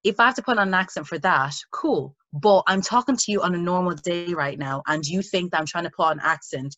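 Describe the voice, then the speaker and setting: A woman's voice: fairly low pitch, fairly quick, fairly bright tone, no echo. A young woman from Ireland with a mixed Irish accent that has American touches. She chats casually and acts out the people she quotes. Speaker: guest, actress. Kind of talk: casual conversation. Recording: muffled dull sound.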